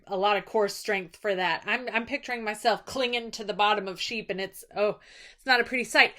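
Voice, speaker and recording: A woman teacher recapping a story in a casual, animated way, acting out the characters in quick asides. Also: fairly high pitch.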